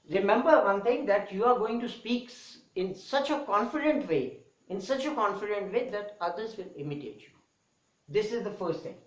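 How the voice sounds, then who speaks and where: A man with a Pakistani English accent teaching a spoken English lesson, raising and dropping his voice for emphasis. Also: high-pitched. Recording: echoey room, dull lo-fi sound.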